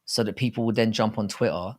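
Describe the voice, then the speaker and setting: A British man co-hosting a live fight-talk stream, chatting casually in an animated, jokey and rambling way with plenty of swearing. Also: on the low side, fast. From Britain. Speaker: co-host of a live fight show.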